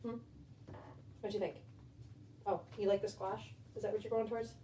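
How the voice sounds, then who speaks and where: A woman's voice: mid-range voice, level tone, moderate pace, mellow. Woman reading a storybook to a rabbit. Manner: chatty asides to a pet. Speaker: rabbit-keeping homesteader and channel host. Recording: echoey room, distant mic, faint background noise.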